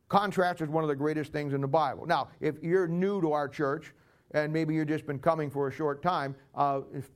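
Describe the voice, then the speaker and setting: A man pastor preaching a sermon to his church, sarcastic and emphatic, telling stories. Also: fairly high pitch.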